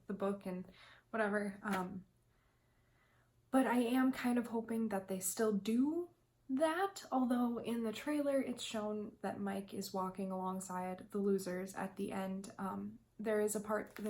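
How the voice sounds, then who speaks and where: A young woman vlogs her fan predictions in casual chat, speaking in a mid-range, slightly mellow voice. She's loose, chatty, and emotional, with lots of ums, restarts, and tearful laughs.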